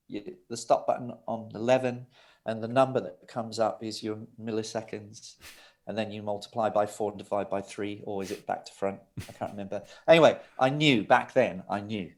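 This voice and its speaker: A middle-aged man, a record producer telling laughing, lively anecdotes as an interview guest. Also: mid-range voice, normal speed. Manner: lively, laughing, with restarts and asides.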